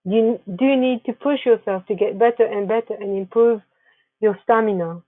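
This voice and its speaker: A woman's voice: mid-range voice, moderate pace, dry recording. A woman presenting a narrated slideshow, giving earnest wellness advice with frequent restarts. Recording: tinny phone-like, dry sound.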